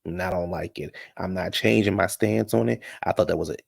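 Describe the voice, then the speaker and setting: A man's voice: deep voice, brisk, creaky, no room sound, studio quality. A man recapping a reality show in casual, blunt, profane commentary.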